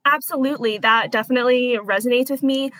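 A woman in her twenties, an interview guest, recounting a personal experience in an earnest, halting way that turns softly emotional. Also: on the high side, steady tone, dry recording, poor audio. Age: 20s.

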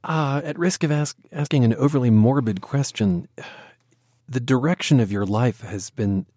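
A man hosting a radio interview, asking calm, curious questions and introducing segments. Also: medium pitch, moderate pace, no room sound, clean studio sound. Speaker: radio host.

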